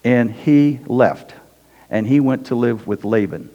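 A man preaching a sermon in a loose, conversational way, often checking in with the congregation with a quick "okay?". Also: mid-range voice, dark tone, lo-fi sound. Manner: conversational, tags lines with "okay?". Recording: hall reverb.

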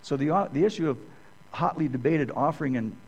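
A man's voice: on the high side, brisk, a little mellow, highs cut off. A middle-aged man preaching a sermon in a conversational way, often checking in with the listeners by asking "okay?".

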